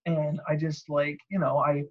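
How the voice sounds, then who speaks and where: A man co-hosting a podcast, telling animated stories and mimicking callers. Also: a little high, moderate pace, lo-fi sound. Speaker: podcast co-host. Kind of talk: casual chat.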